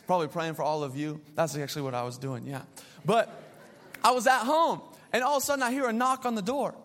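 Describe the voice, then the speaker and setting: Young male pastor, high-pitched, lively storytelling sermon, long reverb of a big hall. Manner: animated storytelling with playful asides.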